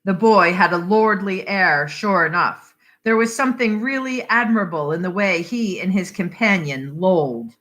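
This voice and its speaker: A woman reading a short story aloud for adult listeners, unhurried and expressive. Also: mid-range voice. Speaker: reader.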